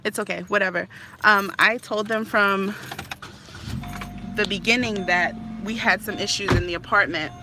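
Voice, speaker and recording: A woman's voice: mid-range voice, fairly even intonation, normal speed, noisy background. A stressed woman in her thirties, a tenant filming a complaint on her phone, talking emphatically and repeating herself in frustration. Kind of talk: ranting to camera.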